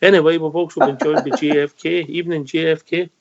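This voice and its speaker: A man's voice: fairly high pitch, fairly even intonation, fast. A man hosting a casual radio phone-in, blunt and full of ums, calling everyone mate. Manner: blunt, calls people mate, hesitant fillers. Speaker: phone-in host. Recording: lo-fi online radio audio.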